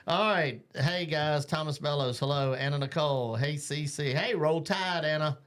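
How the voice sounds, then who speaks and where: A man's voice: a little high, moderate pace, a bit bright. A man hosting a live talk show, chatting loosely, joking and reading out viewer comments. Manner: rambling, jokey, reads out viewer comments. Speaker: host. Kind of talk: casual live show chat.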